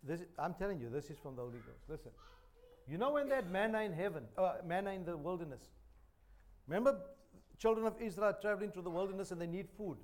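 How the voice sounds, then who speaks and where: Humorous preaching man, higher voice. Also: animated, fast, a little mellow. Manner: humorous, conversational preaching with repeated phrases. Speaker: pastor. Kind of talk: sermon. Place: church.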